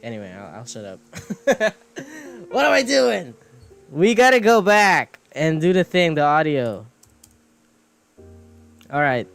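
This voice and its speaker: His fairly high, sing-song voice is creaky and slow, broken up by long pauses. A streamer and animator, he chats casually while drawing, rambling, self-mocking, and often swearing and laughing as soft music plays.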